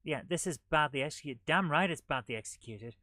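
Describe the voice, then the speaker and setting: A man's voice: on the high side, brisk, bright, forceful tone, no room sound. Exasperated man on a game stream. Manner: exasperated, grumbling. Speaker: live stream host. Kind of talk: live gameplay commentary.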